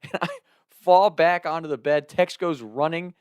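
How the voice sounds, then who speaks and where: Animated, profane man telling a story. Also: a little high, moderate pace, clear, resonant tone, no room sound, clean studio sound. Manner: animated, profane, laughs between lines; earnest and heartfelt when thanking viewers. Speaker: storyteller and content creator. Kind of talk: storytime vlog, comic anecdote.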